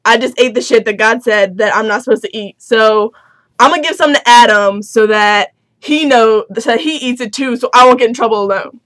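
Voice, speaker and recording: A woman's voice: a little high, a little fast, a bit bright, dry recording, lightly acted. A woman voicing Eve as a naive young woman making slangy, profane excuses. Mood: sheepish excuses.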